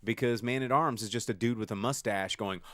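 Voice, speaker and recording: A man co-hosting a casual movie-review podcast, rambling and animated, acting out lines in silly voices. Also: mid-range voice, a little fast, dry recording, clean studio sound. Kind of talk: casual chat. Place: studio.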